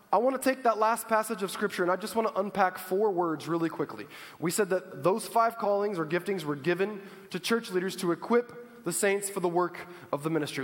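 High-voiced emphatic male pastor, reverberant hall. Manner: emphatic, calls out to the congregation. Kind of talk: sermon.

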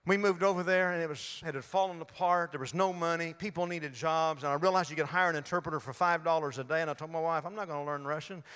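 A man's voice: fairly high pitch, quick pace, few pauses, fairly bright tone, clear, resonant tone. A man, preaching a sermon in a folksy, humorous storytelling way in a church. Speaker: guest preacher. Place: church sanctuary. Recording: long hall reverb.

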